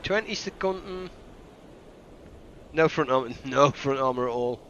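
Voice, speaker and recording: A man from the UK giving chatty, excitable live commentary while streaming a game and greeting viewers. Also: medium pitch, a little fast. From United Kingdom. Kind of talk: casual live gameplay commentary. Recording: slightly dull stream mic with faint hiss.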